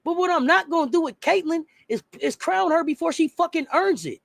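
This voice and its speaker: A man's voice: very high-pitched, animated, brisk, creaky, dry recording. A man in a heated sports talk rant, blunt and profane, firing off rhetorical questions. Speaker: sports commentator.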